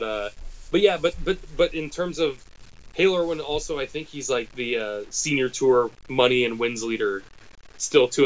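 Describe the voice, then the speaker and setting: A man from the United States talks in an animated, rambling way. He keeps breaking off into quick asides and restarting his sentences, at an ordinary middle pitch. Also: poor audio. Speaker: podcast co-host. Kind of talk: casual chat.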